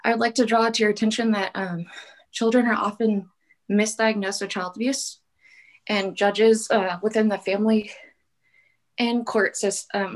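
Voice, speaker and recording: Woman caller, earnest public comment, mid-pitched, pleading tone. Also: fairly even intonation, normal speed, low-quality recording. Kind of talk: public testimony over a call. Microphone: call-in audio.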